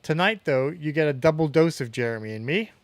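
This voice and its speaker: A man from England co-hosting a podcast, relaxed and laughing easily as he chats. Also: on the high side, fairly quick, no room sound. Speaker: podcast co-host. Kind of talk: casual chat.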